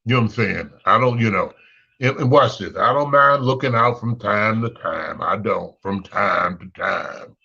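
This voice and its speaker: Bright, sassy man ranting, lo-fi. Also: normal speed, vocal fry, breathy edge. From Chicago. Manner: blunt, sassy, swings pitch up when exasperated. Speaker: talk show host. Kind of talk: unscripted monologue rant.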